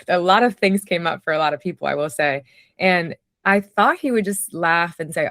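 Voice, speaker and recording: A woman's voice: lowish voice, lively intonation, a little fast, a bit bright, no echo, clean studio sound. A woman telling personal stories in a casual conversation, reflective and chatty, with many fillers. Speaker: podcast guest, writer.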